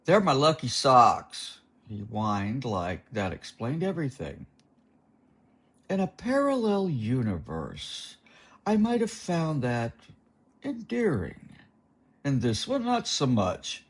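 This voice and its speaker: A man narrating a first-person novel as an audiobook, in a slow, wry and expressive reading. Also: mid-range voice, slightly rough.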